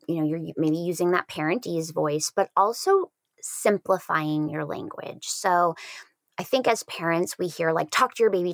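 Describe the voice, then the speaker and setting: A woman explaining tips on how babies learn words in a casual chat, steady and careful, stressing key words. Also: on the low side, no room sound.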